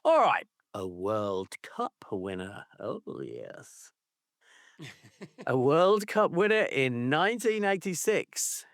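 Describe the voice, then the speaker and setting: A man's voice: mid-range voice, huge pitch swings, slow, no echo, studio quality. A man co-hosting a football podcast, ranting in a casual, sweary way and slipping into mocking voices. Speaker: podcast co-host.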